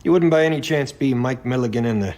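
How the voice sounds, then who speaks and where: An actor playing a polite small-town cop, mild and questioning, from a TV clip. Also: male voice, medium pitch, fast, a little mellow, close to an everyday voice.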